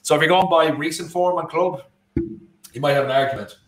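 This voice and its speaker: A man with an Irish accent co-hosting a casual football watchalong, talking in a rambling, animated way and often correcting himself. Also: a little high, a little fast, slight background noise. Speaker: co-host. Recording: roomy echo.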